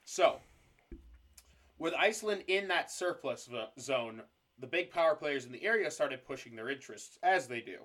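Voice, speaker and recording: A man's voice: on the high side, lively intonation, moderate pace, a bit bright. A man co-hosting a podcast, telling history in casual chat with jokes and swearing. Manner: swearing, joking storyteller. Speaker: podcast co-host.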